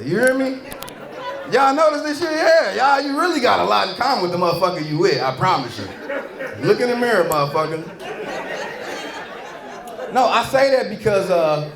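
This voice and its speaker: Brief: high-pitched male stand-up, profane and rambling, echoey club, crowd audible. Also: a bit bright. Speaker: stand-up comedian. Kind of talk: stand-up comedy set. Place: comedy club stage with audience. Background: audience laughter.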